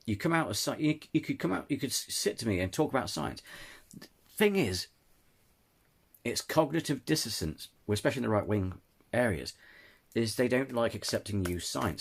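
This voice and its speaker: A man's voice: mid-range voice, expressive, brisk, slightly rough. A man ranting in a casual opinion video, stumbling over words, restarting sentences and apologizing often. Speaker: channel host. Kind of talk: casual opinion rant to camera.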